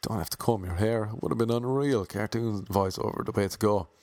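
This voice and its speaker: Low-voiced Irish man, wry storyteller. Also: a little fast, darkish tone, no echo. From Ireland. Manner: wry, self-deprecating, jumps into voices for quoted people. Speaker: aspiring comedic actor. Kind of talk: casual comic storytelling.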